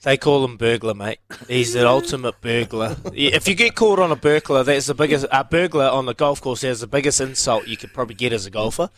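A man's voice: medium pitch, brisk, few pauses, fairly bright tone. A male radio host in casual studio chat, talking to listeners and telling golf stories with frequent restarts. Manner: chatty, frequent restarts, talks straight to listeners.

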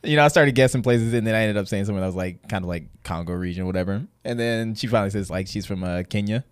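A man with a smooth, resonant voice tells a rambling story on a podcast. He is full of fillers and chuckles. The recording is close and dry, with no room sound. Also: fairly low pitch, very fast, dry recording. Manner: laughing storyteller, many fillers. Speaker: podcast co-host. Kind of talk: casual chat.

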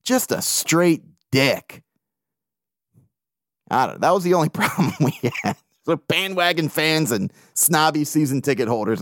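Here a male podcast host rambles through stories, swearing and poking fun at himself in an easygoing monologue. The sound is clean and studio-dry, and his pitch is medium.

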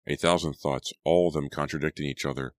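Very deep-voiced male audiobook narrator. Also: steady tone, a little fast, no echo.

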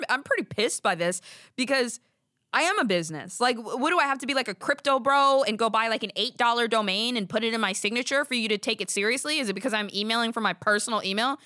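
A woman's voice: fairly high pitch, sharp tone, no echo, studio quality. A young adult woman, hosting a podcast and telling a story in a chatty, exasperated way full of "like"s. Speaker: podcast host. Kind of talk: casual storytelling.

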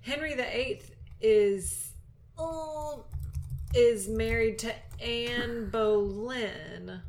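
A woman's voice: a little high, very slow, a little mellow, slight background noise. A woman co-hosting a podcast in casual, jokey chat. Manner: chatty, jokey, laughs often. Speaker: podcast co-host.

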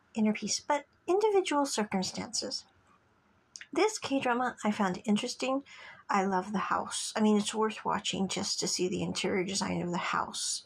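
A woman's voice: medium pitch, gravelly, slightly rough. A woman hosting a casual solo podcast, talking in a chatty, rambling way and often dropping to a whisper. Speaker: podcast host reviewing dramas.

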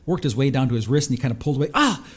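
A man hosting a talk show, telling a personal story in an animated way and acting out the voices of the people in it. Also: mid-range voice, rapid-fire. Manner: lively, expressive.

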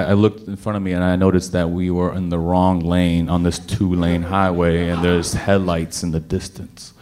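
A man telling a personal story to an audience, animated and dramatic, often repeating words as he restarts. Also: low voice.

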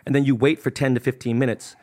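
A man's voice: medium pitch, flat delivery, a little mellow, slight background noise. A man from telling stories in casual chat, full of slang and swearing. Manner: fast storytelling, heavy slang and profanity. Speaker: podcast guest, business owner.

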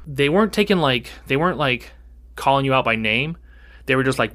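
Bright-voiced man telling a story. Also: mid-range voice, fairly quick. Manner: rambling, animated, acts out quoted dialogue. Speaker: podcast co-host. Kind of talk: casual storytelling chat.

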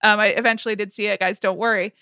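A woman co-hosts a film podcast with a wry, teasing manner, leaping into high mocking voices whenever she quotes someone. Her voice is bright and crisp. It is recorded dry and close, with no room sound. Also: fairly even intonation, fast talker, dry recording. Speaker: podcast co-host. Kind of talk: casual film chat.

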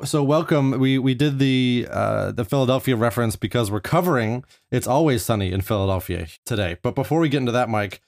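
Upbeat podcast host, dry and close. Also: male voice, medium pitch, no room sound. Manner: upbeat, easygoing banter. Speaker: podcast host and licensed therapist. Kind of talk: casual podcast chat.

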